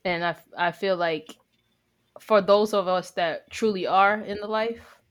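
A woman's voice: mid-range voice, fairly even intonation, clean tone. A woman co-hosting a casual chat, speaking frankly and reflectively. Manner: frank, reflective, quick to agree.

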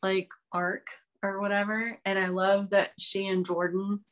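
A woman co-hosting a relaxed podcast. She mostly agrees with her partner in short, easy replies, and adds her own opinions now and then. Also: medium pitch, measured pace. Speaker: podcast co-host. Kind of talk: casual chat about reality TV.

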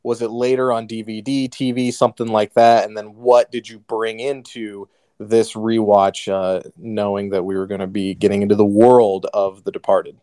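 A man co-hosting a podcast, opening the show in a lively, upbeat way and steering casual chat. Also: fairly low pitch, moderate pace, no room sound, studio quality. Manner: upbeat, energetic show opener. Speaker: podcast co-host.

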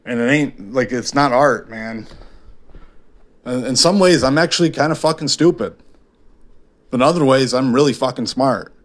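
Speaking at a moderate pace with a medium pitch, this man pauses often. He hosts his podcast solo in a frank, confessional ramble, cursing constantly, using fillers, and frequently making fun of himself.

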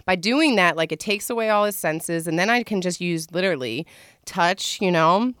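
A woman host talks frankly and casually, full of fillers, asides and laughs. Her voice sits low and smooth. The recording is close and dry, with no room sound. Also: animated, normal speed, a bit bright, no echo. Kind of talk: casual candid advice monologue.

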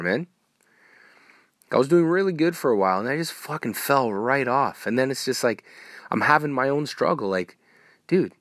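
A man hosting a solo podcast, ranting in a profane, rambling way with sudden loud outbursts. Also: mid-range voice, sing-song, normal speed, no room sound, clean studio sound. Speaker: podcast host.

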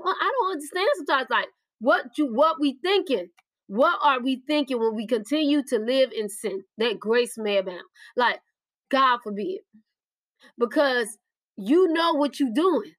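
A woman delivers a podcast sermon in a high, bright register. She presses urgent warnings and repeats them, speaking straight to her listeners. The sound is dry and close, with no room echo. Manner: urgent, repetitive exhortation, speaks directly to listeners. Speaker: preacher on a podcast.

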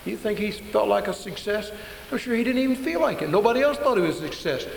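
A man preaches a sermon to a gathered audience, emphatic, and slows his words to drive points home. His voice sits fairly high for a man. The sound carries a long hall echo over a faint background hiss. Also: expressive, gravelly. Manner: emphatic, slows down for stress, breaks into acted quotes.

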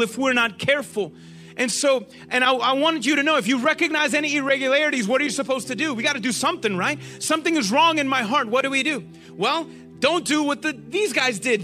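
Man preaching, very high voice, animated, asks the crowd questions, faint music behind. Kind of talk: sermon.

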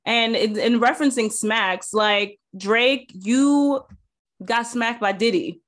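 A woman co-hosting a podcast, trading quick, mocking banter in casual chat. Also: a little high, fairly bright tone. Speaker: podcast co-host.

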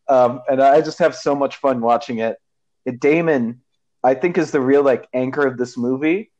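A man's voice: medium pitch, moderate pace, darkish tone, lo-fi sound. A man co-hosting a casual podcast about a movie, rambling with many fillers and restarts. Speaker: podcast co-host.

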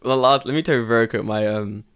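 A man's voice: medium pitch, steady tone, quick pace, fairly bright tone, clean tone. Profane man telling a story. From England. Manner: profane, storytelling, acts out quoted voices. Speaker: podcast co-host. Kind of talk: casual chat.

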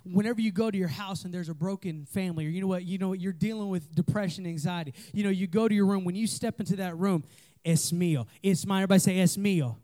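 A man's voice: high voice, quick pace. A man preaching a passionate youth sermon, leading call-and-response from the room. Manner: passionate, rising to near-shouts with call-and-response. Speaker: youth pastor. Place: meeting room in a trailer.

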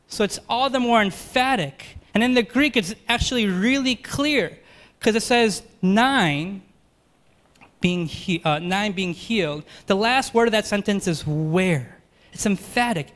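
A man preaching a sermon, earnest and rhetorical, moving between quick runs and slow, emphatic phrases. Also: sits high, animated, a bit bright.

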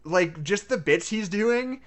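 A woman co-hosting a casual movie chat, animated, laughing often and swearing freely. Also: medium pitch, takes it slowly. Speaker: podcast co-host.

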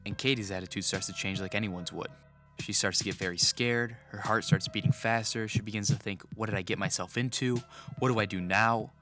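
Low, bright-toned male narrator. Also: steady tone, soft background music. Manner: measured, posing questions to the listener. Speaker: podcast narrator. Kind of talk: scripted narration.

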